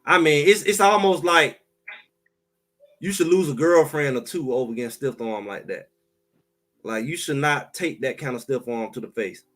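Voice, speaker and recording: A man co-hosting a sports talk show in casual, emphatic chat, trash-talking and animated. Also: medium pitch, normal speed, faint music behind.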